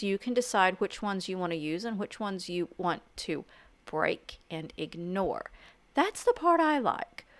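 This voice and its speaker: A middle-aged woman teaching art journaling in a casual, chatty voice-over, enthusiastic and quick with self-deprecating asides. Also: medium pitch, clear, resonant tone, dry recording. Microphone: home voice-over mic.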